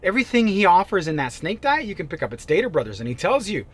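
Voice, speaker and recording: A man's voice: high-pitched, quick pace, husky. Emphatic man coaching sales. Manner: emphatic, animated, swings between loud bursts and quiet asides. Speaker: real estate sales coach. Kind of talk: motivational coaching talk.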